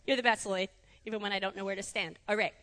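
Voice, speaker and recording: A woman giving a conversational sermon in a church, animated and chatty, laughing easily. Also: mid-range voice, fast talker, long reverb tail, slight background noise. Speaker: preacher. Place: church sanctuary.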